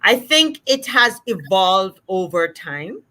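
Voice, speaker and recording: A Jamaican woman talks through her points as a speech therapist, explaining at an even, mid-level pitch. She is animated and breaks into little acted-out examples. The talk is relaxed and conversational. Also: slow. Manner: animated, acts out examples in different voices. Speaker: speech-language pathologist.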